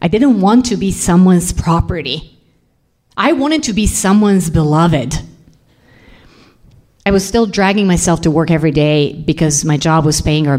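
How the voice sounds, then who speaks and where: Low-voiced woman telling her story. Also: a little mellow. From Serbia. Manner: intense, confessional. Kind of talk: personal storytelling.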